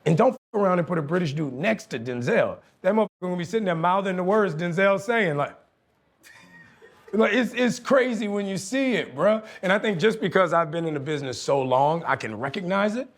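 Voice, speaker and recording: Animated New man, fairly high voice. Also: fairly quick. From New Orleans, USA. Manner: animated, profane storytelling with frequent laughter. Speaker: guest actor. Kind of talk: casual podcast interview. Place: podcast studio.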